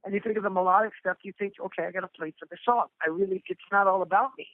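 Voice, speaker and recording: Brief: forties drummer guest from Oregon, slangy and laughing, fairly high voice, dry tinny phone line. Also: male voice, very fast, no room sound. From Oregon, USA. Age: 40s. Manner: animated, laughs often, slangy with "dude" and "bro". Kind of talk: casual interview chat.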